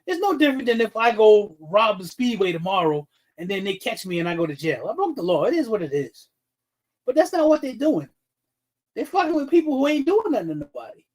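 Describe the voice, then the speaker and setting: A man's voice: high-pitched, sing-song, a little fast, a little mellow, poor audio. A man hosts a livestream commentary, talking straight into the mic. He is blunt and heated, swears often and stops to greet viewers in chat by name. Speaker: livestream host.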